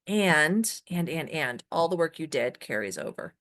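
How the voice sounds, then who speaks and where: A woman training users in a software webinar, emphatic and often checking in with "right?". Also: low voice, big pitch swings, unhurried.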